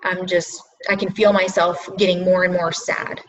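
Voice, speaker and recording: A woman's voice: fairly low pitch, level tone, moderate pace, recorded from a distance. A woman coaching her team on a video call in casual motivational talk, earnest and full of fillers, repeating her points for emphasis. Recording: dull lo-fi video call audio.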